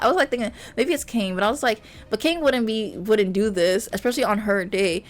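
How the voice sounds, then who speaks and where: A woman streamer reading a visual novel aloud and reacting with animated exclamations. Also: medium pitch, fairly quick, hardly any pauses, faint music behind. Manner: animated, exclaiming and laughing at the story.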